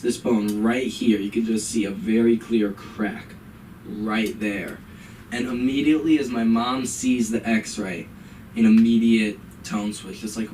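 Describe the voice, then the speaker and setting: A man's voice: mid-range voice, a little mellow, slight background noise. A young man performing stand-up at an open mic, telling a story and acting out his mother's lines in a raised voice. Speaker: stand-up comedian. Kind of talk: stand-up comedy set. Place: comedy club stage. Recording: live open mic, room mic from a distance.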